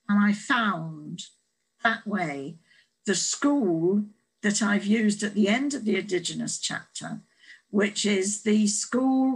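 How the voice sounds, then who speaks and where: A woman's voice: medium pitch, husky, rough recording. A woman guest author telling a reflective story in an online talk, hesitant with restarts and wry humour.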